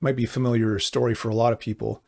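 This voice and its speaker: A middle-aged man preaching as a pastor, earnest and conversational, slowing into emphatic appeals. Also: mid-range voice, flat delivery, gravelly, warm tone. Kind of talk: sermon.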